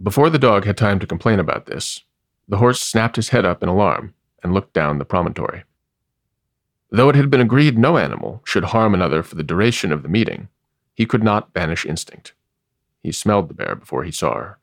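A man narrating a storybook in a low, gravelly voice with lively, sweeping intonation. His reading is measured and wry. The recording is dry and close, with no room echo.

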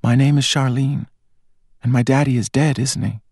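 A man's voice: mid-range voice, steady tone, normal speed, vocal fry, darkish tone, husky, no room sound, studio quality, pitched above the performer's own voice. A man voicing a frightened, insistent ten-year-old girl in an audiobook, in a pleading childlike voice. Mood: grim certainty.

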